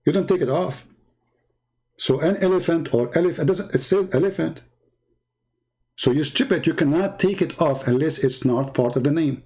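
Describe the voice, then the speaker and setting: A man's voice: on the high side, moderate pace, husky. A man hosting a call-in debate show, talking heatedly and mockingly and cutting in on his callers. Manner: mocking, shouting, interrupting.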